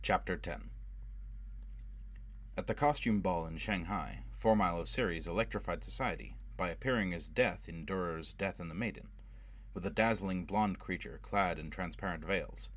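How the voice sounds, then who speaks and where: Low and even, this man's voice delivers scripted audiobook narration at a measured, steady pace. The recording has no echo.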